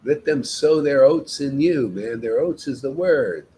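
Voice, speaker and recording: A man's voice: medium pitch, animated, unhurried, mellow, slight background noise, rough recording. A man leading a devotional meetup, giving an informal spiritual talk in an emphatic, exhorting way and often addressing listeners as "man".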